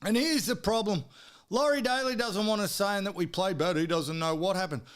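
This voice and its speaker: A high-voiced Australian man rants about sport on his podcast. His voice is smooth and clear, even as he swears hard and now and then shouts. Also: moderate pace. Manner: heated, swearing, sometimes shouting. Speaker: podcast host. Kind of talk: profane sports rant.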